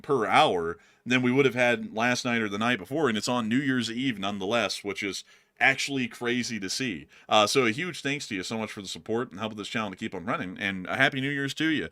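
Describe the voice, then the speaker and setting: A man's voice: mid-range voice, animated, brisk, sharp tone. A man hosting a live commentary stream in a mid-range voice. He rambles, restarts his sentences and fills gaps with fillers, while he reacts to the news and thanks supporters. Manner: rambling, repeats words, many fillers. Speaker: host.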